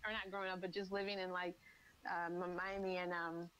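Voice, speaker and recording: Interview guest, female, blunt and profane, animated storyteller who acts out dialogue. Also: on the low side, a little fast, low-quality recording. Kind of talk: casual interview chat. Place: lives in Miami.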